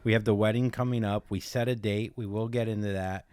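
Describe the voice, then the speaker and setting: A man's voice: fairly low pitch, fairly even intonation, fairly quick, darkish tone, clear, resonant tone, no room sound. A man in his forties hosting a podcast in casual joking chat, laughing often and poking fun at himself. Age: 40s. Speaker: podcast host.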